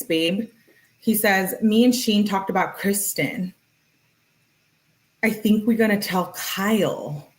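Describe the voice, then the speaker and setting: A woman's voice: medium pitch, poor audio. A young woman hosting a commentary stream, reading text messages aloud with playful asides and casual chatter. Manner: chatty and playful, laughs often, reads messages with lively emphasis. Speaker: true crime commentary host.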